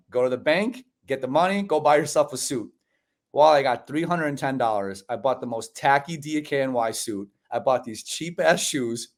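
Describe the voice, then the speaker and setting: Animated man telling a story. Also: a little high. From United States (Chicago). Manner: animated storyteller, acts out quoted dialogue, says "bro" and "man". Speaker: podcast guest. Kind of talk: storytelling in a casual interview.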